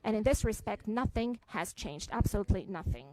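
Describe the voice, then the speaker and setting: A woman delivering a formal press statement for a head of state, measured and halting, with frequent fillers between phrases. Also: mid-range voice, lively intonation, warm tone, rough recording.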